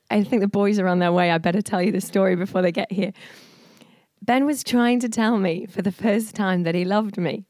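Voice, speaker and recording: A woman in her forties giving an informal, storytelling sermon at a church service. She talks in a chatty way, laughing often and filling pauses with plenty of ums. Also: mid-range voice, darkish tone, no echo, studio quality. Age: 40s. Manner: chatty, laughing, many fillers. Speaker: church speaker.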